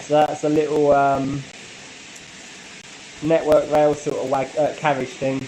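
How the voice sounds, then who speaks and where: A man hosting a casual live stream, chatting in a relaxed way and answering viewer comments with frequent light laughs. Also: a little high, unhurried, a little hiss or hum, low-quality recording. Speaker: model railway channel host.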